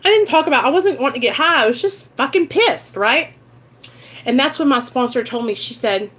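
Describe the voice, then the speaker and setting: High-voiced earnest woman vlogger. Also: animated, brisk, a bit bright. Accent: Midwestern American. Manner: earnest, emotional, talks straight to viewers. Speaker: recovery vlogger. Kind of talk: casual livestream chat.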